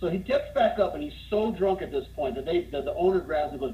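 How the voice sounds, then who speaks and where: Animated man telling a bar story. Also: quick pace, muffled recording, slight background noise. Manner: animated, gets louder and higher as the story builds. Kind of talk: casual storytelling.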